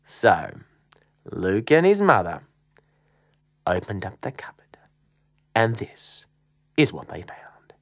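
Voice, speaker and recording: Slow, whispery woman storyteller. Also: very deep voice, very animated, no room sound, clean studio sound. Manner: slow, dramatic pauses, drops to a whisper. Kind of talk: children's story narration. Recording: soft guitar music behind.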